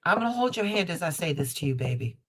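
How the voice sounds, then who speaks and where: A woman's voice: lowish voice, big pitch swings, fast talker, breathy edge. A woman giving a live tarot card reading, calling the viewer baby and repeating her phrases for emphasis. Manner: affectionate, calls viewer baby and mama. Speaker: tarot reader. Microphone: basic streaming setup.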